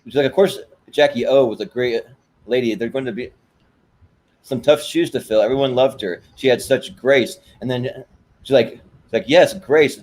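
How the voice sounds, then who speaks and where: A man's voice: mid-range voice, steady tone, moderate pace, a little mellow. A man co-hosting a casual podcast, rambling through scene retellings with lots of restarts and "like". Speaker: co-host.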